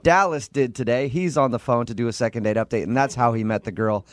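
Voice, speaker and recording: A man's voice: medium pitch, quick pace. Teasing male radio co-host. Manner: teasing, deadpan jokes. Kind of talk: joking radio talk.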